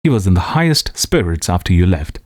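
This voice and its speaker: A man's voice: low voice, sing-song, fairly quick, darkish tone, no room sound, studio quality. A man voicing a jovial young painter who talks in a hearty, amused, emphatic way.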